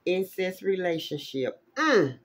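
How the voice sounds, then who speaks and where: A woman giving a casual tarot reading, animated and exclamatory, with plenty of salty, profane asides. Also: lowish voice, slow pace. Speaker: tarot reader.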